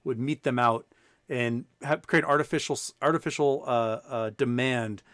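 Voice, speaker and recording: A man's voice: medium pitch, normal speed, fairly bright tone, no echo, studio quality. A man hosting a podcast, telling a long story in casual chat and acting out the people in it, with many restarts. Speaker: podcast host.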